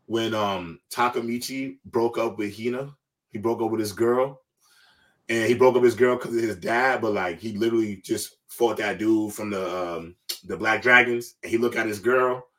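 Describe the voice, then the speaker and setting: Bright-voiced man hosting a chat. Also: fairly low pitch, normal speed, recorded from a distance. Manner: loose, slangy, emphatic. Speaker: show host. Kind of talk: casual panel chat.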